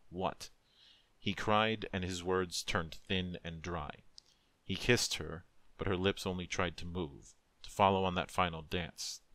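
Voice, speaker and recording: A man narrates a dark story in a solemn, measured, emotive voice. His voice is very deep but bright and forceful. The recording is close and dry, with no room sound. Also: no echo. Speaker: narrator, streamer. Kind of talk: dramatic story reading.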